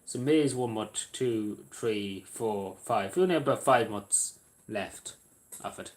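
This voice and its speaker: A man with a lowish voice and measured pace hosts a livestream from his squeaky chair at home. His casual chat with viewers wanders, marked by hesitation, lots of fillers, and restarts.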